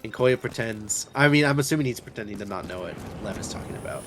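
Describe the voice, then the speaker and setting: A man's voice: lowish voice, lively intonation, fast. Young man, casual book chat, hesitant and rambling, lots of fillers, faint hiss behind. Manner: rambling, hesitant, full of fillers and self-corrections. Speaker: book discussion host. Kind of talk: casual book discussion while playing a game.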